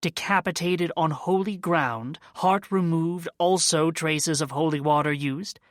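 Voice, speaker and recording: A man's voice: fairly high pitch, measured pace, no room sound, clean studio sound, pitched above the performer's own voice, close to an everyday voice. A man voicing a snooty older male occult shopkeeper who talks down to people in a droll, lecturing way, in an audiobook. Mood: condescending. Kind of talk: audiobook character voice.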